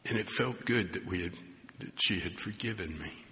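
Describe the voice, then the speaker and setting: A man preaching a sermon, telling a personal story, acting out the dialogue and dropping to soft near-whispers at tender moments. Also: deep voice, normal speed. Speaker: pastor. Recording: long hall reverb with faint background noise.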